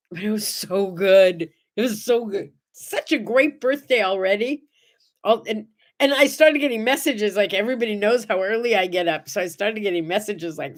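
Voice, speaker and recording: A chatty woman hosts a casual morning livestream from her home mic, telling stories with animated delivery and acting out everyone in them. Her voice sits at a middle pitch for a woman. Now and then she squeals brightly as she greets viewers by name. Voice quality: animated storyteller, acts out the people in her stories. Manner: bursts into high squeals when greeting viewers. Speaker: host of a morning livestream show. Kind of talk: casual chat to live viewers.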